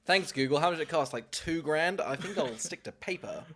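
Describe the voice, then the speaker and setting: A man's voice: fairly high pitch, brisk, fairly bright tone. A man co-hosting a podcast, bantering playfully and sarcastically about a film. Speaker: podcast co-host. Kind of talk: casual film review chat.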